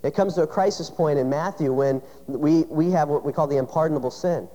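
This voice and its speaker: A pastor preaches a sermon, telling a personal story conversationally and posing rhetorical questions. His voice is a little high and a little fast with a dark tone, and the recording sounds dull with long hall reverb.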